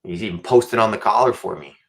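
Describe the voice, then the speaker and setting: A man's voice: fairly low pitch, brisk, vocal fry. A man giving blunt, teasing trash-talk commentary on match videos as co-host. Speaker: judo co-host.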